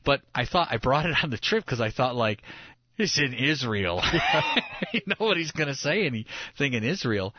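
A man's voice: mid-range voice, no echo, dull audio. Man, pastor co-host, casual studio chat, rambling with restarts, dry close sound. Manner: rambling storyteller with many restarts and laughs. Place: radio studio.

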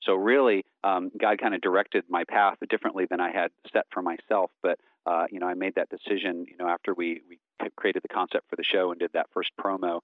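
Earnest guy in his 40s, low voice, lots of ums, dry tinny phone sound. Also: level tone, dry recording. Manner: earnest, halting, many fillers. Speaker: interview guest, voice actor. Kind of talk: casual interview talk.

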